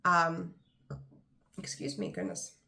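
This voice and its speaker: A woman's voice: low-pitched, sing-song, slow, gravelly, pushed and bright. A woman giving a casual tarot reading to camera, rambling and enthusiastic, with frequent ums. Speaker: tarot reader.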